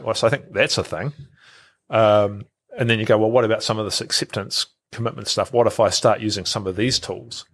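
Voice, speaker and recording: A man's voice: on the low side, a bit bright. A middle-aged man, a podcast guest who talks casually, repeats words and acts out quoted thoughts. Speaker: guest, health researcher.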